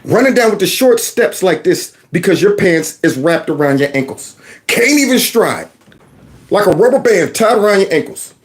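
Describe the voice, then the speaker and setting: A man's voice: high-pitched, moderate pace. A man, a former teacher, hosting his own channel in a casual, folksy rant that slips into acted-out voices. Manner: animated, folksy, acts out voices. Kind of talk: casual ranting video commentary.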